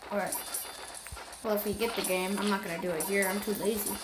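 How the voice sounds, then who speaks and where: A woman's voice: medium pitch, fairly quick, noisy background. Chatty woman narrating her mobile game. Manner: chatty, self-mocking, bursts of excited cheering. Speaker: mobile game video host. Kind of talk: casual gameplay commentary. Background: game music.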